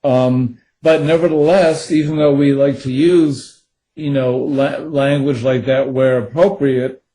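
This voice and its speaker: A man's voice: mid-range voice, fairly even intonation, unhurried, dark tone, slight background noise, low-quality recording. A man, a thriller co-author, answering interview questions in a rambling way with many fillers.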